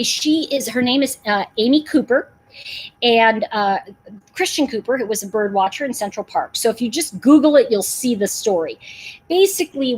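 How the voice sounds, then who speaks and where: A woman's voice: a little high, slightly rough, rough recording. A middle-aged woman hosting a casual livestream, talking emphatically and answering viewers in the chat. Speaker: livestream host.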